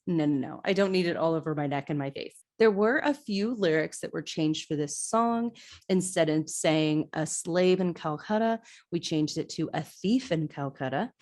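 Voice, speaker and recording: A woman, hosting a podcast and excitedly recapping a movie scene by scene. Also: on the low side. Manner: chatty, excitable, laughing asides. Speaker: podcast host. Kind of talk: casual movie rewatch recap.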